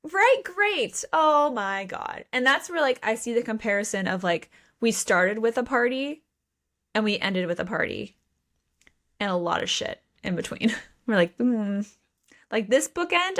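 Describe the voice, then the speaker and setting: A woman's voice: mid-range voice, animated, normal speed, a bit bright. A woman co-hosting a podcast, recapping a book in casual chat with playful swearing and mock quotes. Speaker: podcast co-host.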